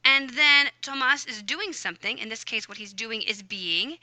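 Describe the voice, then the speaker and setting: A woman's voice: on the high side, normal speed, pushed and bright, no room sound. A young woman teaching a recorded grammar lesson in a chatty, upbeat way, with plenty of "okay"s and "um"s. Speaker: Spanish teacher. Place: voice-over for lesson slides.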